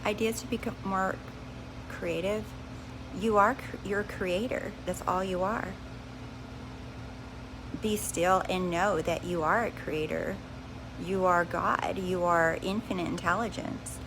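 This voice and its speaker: A woman hosting a live stream on spiritual growth, speaking calmly and directly to her viewers, often repeating phrases. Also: fairly low pitch, measured pace, noisy background. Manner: calm, reassuring, repeats herself, addresses viewers directly. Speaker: livestream host.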